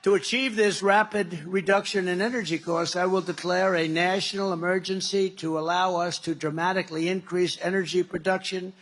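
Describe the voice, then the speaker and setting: A man's voice: high-pitched, steady tone, normal speed, few pauses, a bit bright. A man speaking as a political candidate in a campaign rally speech, rambling and repetitive with emphatic stresses.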